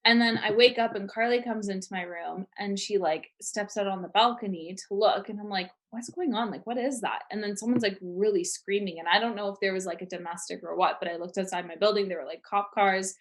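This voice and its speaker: A woman's voice: mid-range voice, brisk, few pauses. Young woman rambling through a story. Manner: rambling, animated storytelling with many "like"s. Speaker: podcast co-host. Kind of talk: casual storytelling chat.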